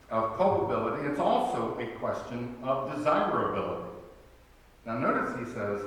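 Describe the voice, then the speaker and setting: A man's voice: mid-range voice, big pitch swings, moderate pace, a bit bright. A man, a pastor, preaching a sermon in a conversational way, with wry humor and emphatic rhetorical questions. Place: church sanctuary. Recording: very echoey church hall, from far off.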